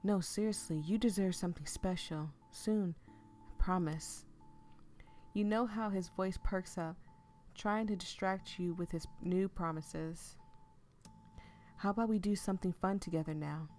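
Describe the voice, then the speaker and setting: A woman's voice: lowish voice, steady tone, unhurried, darkish tone, soft background music, lightly acted. A woman voicing an affectionate young man from a visual novel who talks casually and makes easy promises. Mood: reassuring. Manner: casual, reassuring.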